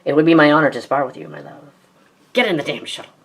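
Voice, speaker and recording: Woman with a deep voice, reads every part of a fan drama, sarcastic and melodramatic. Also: lively intonation. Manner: quick-switching, sarcastic, melodramatic. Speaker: narrator and voice actor. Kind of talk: fan audio drama, reading many parts.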